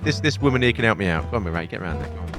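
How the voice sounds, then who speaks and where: A man's voice: low-pitched, lively intonation, rapid-fire, over music. A man chatting matily with friends over game voice chat, swearing and stumbling over his words. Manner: matey and swearing, stumbling restarts.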